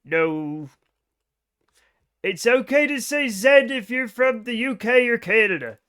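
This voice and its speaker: High-voiced joking male streamer. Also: lively intonation, measured pace, sharp tone, smooth. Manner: joking, profane, bursts into laughter. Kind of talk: casual chat with live viewers.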